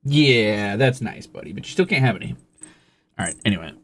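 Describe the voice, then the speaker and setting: A man's voice: on the low side, animated, a little fast. A male live streamer in casual chat, teasing and swearing freely as he coos at and scolds his cat.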